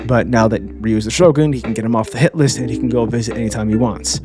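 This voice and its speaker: A man's voice: medium pitch, steady tone, fast. A man casually recapping an anime for his channel, chatty, and often adding "all right?" as a tag. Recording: clear background music.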